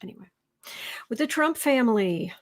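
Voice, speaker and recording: On a casual tarot livestream, a Southern-accented woman chats with viewers, reads their comments aloud and tosses off sarcastic asides. Her slightly high voice has lively intonation and moves at a normal speed, sinking into soft murmurs while she shuffles her cards.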